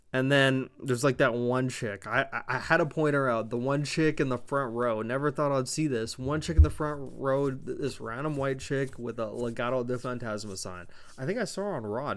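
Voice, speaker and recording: Smooth-voiced man rambling a profane recap. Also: mid-range voice. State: dry mouth. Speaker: podcast host. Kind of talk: casual wrestling show recap.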